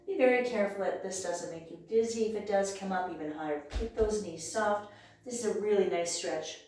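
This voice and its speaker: A woman leading a yoga class with calm, encouraging cues, sometimes losing her voice. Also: medium pitch, brisk, slight background noise. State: clearing her throat, losing her voice. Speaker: yoga instructor. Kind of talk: guided yoga class instruction. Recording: very echoey room, voice from far off.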